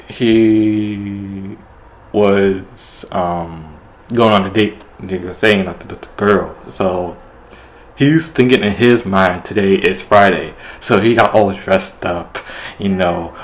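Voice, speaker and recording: A man's voice: low voice, fairly even intonation, slow pace, low-quality recording. A man casually retelling a TV episode, rambling with lots of fillers. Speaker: show reviewer.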